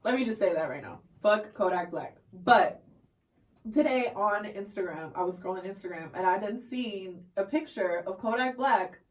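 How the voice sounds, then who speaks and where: Animated profane woman telling a story. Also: mid-range voice, moderate pace, far from the mic. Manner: animated storytelling, acts out quotes loudly, swears freely. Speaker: podcast co-host. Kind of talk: casual chat.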